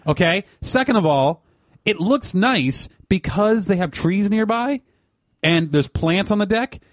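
A man's voice: high voice, animated, unhurried, no echo, studio quality. A man ranting in casual podcast banter, exasperated and swearing a lot. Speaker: podcast co-host.

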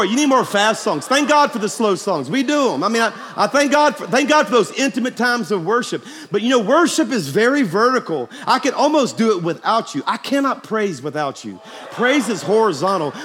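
High-voiced joking preacher in a hall. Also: male voice, a bit bright. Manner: folksy, joking, stirring. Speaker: pastor. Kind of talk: conference sermon with jokes. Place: large hall with live audience. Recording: long hall reverb, faint crowd and noise.

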